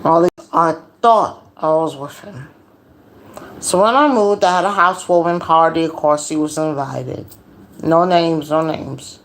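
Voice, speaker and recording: A woman losing her voice, livestreaming a casual personal talk in a slow, confiding way with preachy asides. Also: low voice. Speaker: livestream host.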